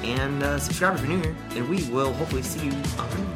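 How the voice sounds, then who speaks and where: A man's voice: on the high side, a little fast, over loud music. A man hosting a casual morning show, chatting playfully with a child and laughing easily. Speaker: host.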